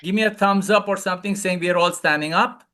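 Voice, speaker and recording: A man coaching a live webinar, loud and playful, calling out repeated commands and leading laughter exercises over a video call. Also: high voice, fast. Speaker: wellness coach, webinar speaker.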